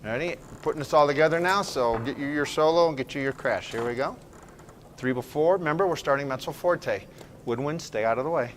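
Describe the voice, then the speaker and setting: Brisk man directing a band rehearsal. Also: a little high, slight background noise. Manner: brisk and encouraging, counts off and sings phrases to demonstrate. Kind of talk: ensemble rehearsal instruction. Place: school band rehearsal room.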